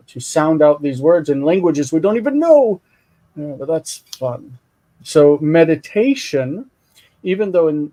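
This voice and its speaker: This man's voice is fairly high and mellow, on a low-quality recording. He co-hosts a Hebrew Bible reading live stream, chatting casually and eagerly explaining words aloud as he looks them up.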